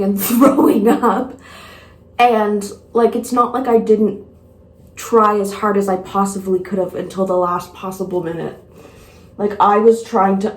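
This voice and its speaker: A woman vlogger talking casually to camera, candid and rambling, speaking frankly about herself. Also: medium pitch. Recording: echoey room.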